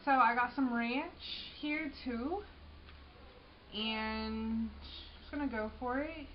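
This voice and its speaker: A woman's voice: a little high, takes it slowly, dull audio, a little hiss or hum. A young woman casually talking through a snack she made for her cooking vlog, using plenty of slang and tasting as she goes. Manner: chatty, slangy, tasting food while talking. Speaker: cooking vlogger.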